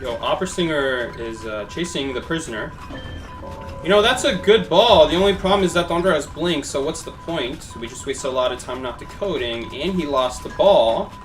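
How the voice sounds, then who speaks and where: A man's voice: a little high, animated, moderate pace, soft background music. A young man giving chatty, casual commentary while live-streaming a game and thanking his viewers.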